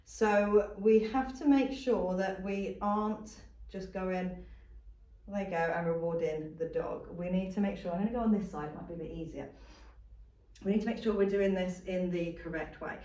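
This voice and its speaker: A woman's voice: on the low side, normal speed, dark tone. A woman dog trainer giving a patient, step-by-step demonstration lesson and repeating her key points. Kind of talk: instructional demonstration. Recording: roomy sound from a distant mic.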